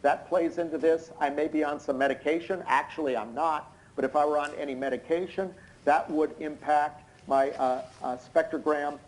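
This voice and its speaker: A hoarse, tired man giving expert courtroom testimony over a video call, explaining in an unnaturally loud voice with many hesitant fillers. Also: fairly high pitch, steady tone, moderate pace, rough recording. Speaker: expert witness. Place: indoors in London at night.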